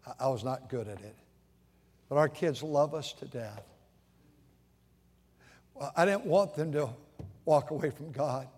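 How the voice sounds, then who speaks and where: High-voiced older preacher in a church hall. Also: male voice. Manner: earnest, preacherly, swings from quiet storytelling to loud exhortation. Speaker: pastor. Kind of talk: sermon. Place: church sanctuary. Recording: long reverb of a large church hall.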